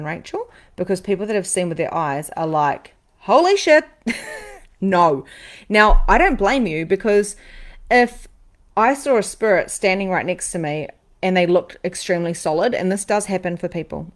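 A woman psychic medium and podcast host talking live to her viewers, animated, repeating phrases for emphasis and swearing freely. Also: on the low side. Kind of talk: live-stream talk to viewers.

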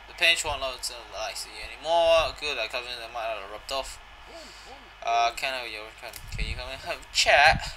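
Bright-voiced young gamer, jokey commentary. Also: male voice, medium pitch, moderate pace, a little hiss or hum, poor audio. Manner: jokey, swears, reads dialogue aloud. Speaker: gaming channel host. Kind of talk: casual game commentary.

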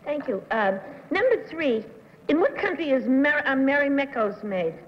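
A high-voiced woman running through crisp, polite questions as a panelist. The recording is a dull 1960s TV broadcast with a long studio echo. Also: sing-song. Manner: brisk, polite. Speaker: game show panelist. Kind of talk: brisk game show questioning.

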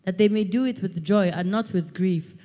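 Woman reading scripture aloud in a church hall, steady and mellow, set back from the mic with long reverb. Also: medium pitch, normal speed.

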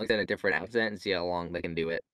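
A man's voice: low-pitched, steady tone, rapid-fire, fairly bright tone, dry recording. A man co-hosting a comedy podcast, rambling and jokey with lots of fillers and restarts. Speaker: podcast co-host. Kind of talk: casual chat.

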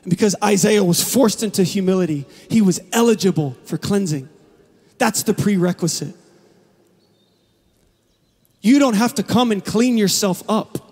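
A pastor with a strikingly high male voice preaches in a vast church hall, his words trailing off in long reverb. Speaking at a moderate pace with frequent pauses, he moves from hushed, intimate lines up to passionate, shouted calls.

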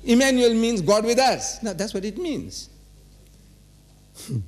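A man's voice: extremely high pitch, lively intonation, measured pace, a little mellow. A man giving a religious lecture to a live audience in a large auditorium, full of rhetorical questions and teasing. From South Africa. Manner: rhetorical, quizzes and teases the audience.

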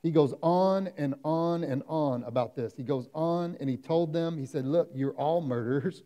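A man with a fairly high, mellow voice and an Oklahoma accent preaching a sermon. He talks in a loose, conversational way and slips into the voices of the people he quotes. His delivery stays relaxed and warm in tone. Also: moderate pace. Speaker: pastor. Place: church sanctuary.

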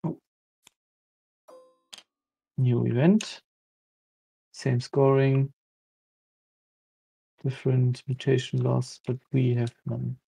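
A man's voice: mid-range voice, flat delivery, very slow, gravelly, pauses often, warm tone, slightly rough, no room sound, poor audio. A man playing a board game, thinking aloud and explaining the rules to his opponent. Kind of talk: casual board game chat.

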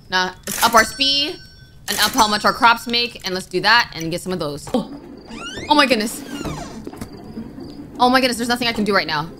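A woman giving let's-play commentary, jumpy and flustered. She keeps crying out in alarm and pleads with the game under pressure. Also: mid-range voice. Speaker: gaming YouTuber. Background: game music.

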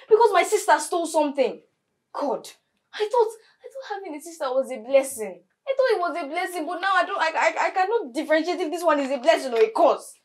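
A spiteful young sister, ranting and jeering in a high Nigerian voice. She stumbles over her words as she heaps scorn.

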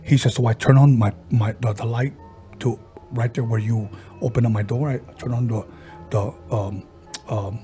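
Mellow-voiced man telling a ghost story. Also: mid-range voice, steady tone, soft background music. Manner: retells a story, slipping into quoted voices; halting, with frequent restarts and fillers. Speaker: podcast host. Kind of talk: casual paranormal storytelling.

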